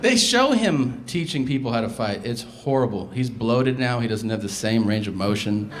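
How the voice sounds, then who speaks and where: A man doing a stand-up comedy routine, telling a story and acting out the people in it with quick quoted voices. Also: mid-range voice, animated.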